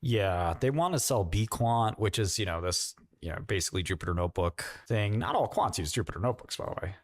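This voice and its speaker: Brief: low-voiced New York man, rambling livestream host, dry close sound. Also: animated, dry recording. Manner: rambling, quick asides, mocking questions. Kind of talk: casual livestream chat.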